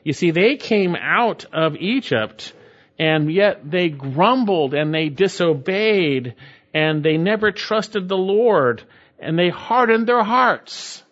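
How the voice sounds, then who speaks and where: A man preaching a sermon with emphatic delivery, his voice rising as he presses a point. His voice sits a little high for a man. The recording is dull and lo-fi. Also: animated, takes it slowly, fairly bright tone. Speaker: pastor.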